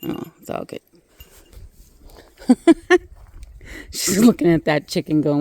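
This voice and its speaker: A woman's voice: lowish voice, sing-song, slow pace, mellow. A woman talking casually to her goats and chickens in a barnyard, cooing affectionate baby talk. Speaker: hobby farmer vlogger. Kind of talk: casual farm vlog talk. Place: outdoor barnyard.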